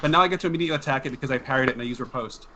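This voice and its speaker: A man playing a tabletop game, enthusiastic and quick in how he talks. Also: mid-range voice, background noise. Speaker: player. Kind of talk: casual chat at a game table.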